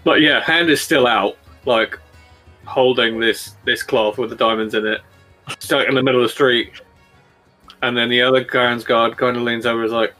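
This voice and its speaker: A man's voice: medium pitch, steady tone, moderate pace, bright, forceful tone, soft background music. A man narrating as game master for a tabletop role-playing game, talking with many hesitations and restarts.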